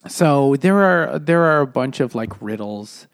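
A man recapping a novel in relaxed podcast talk. He stumbles along with fillers and restarts. His voice sounds dry and close, with no room around it. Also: medium pitch, vocal fry, dry recording. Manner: halting, filler-heavy retelling. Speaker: podcast co-host. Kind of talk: casual book chat.

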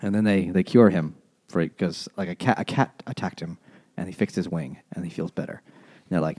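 A man's voice: low voice, normal speed, warm tone. A man hosting a podcast, retelling a story in a crude, jokey casual chat. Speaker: podcast host.

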